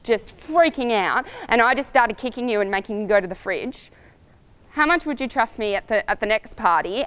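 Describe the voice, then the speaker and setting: A woman riding coach giving upbeat, lively advice to riders in a coaching video. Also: fairly high pitch, smooth. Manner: lively and upbeat, acts out voices, laughs easily.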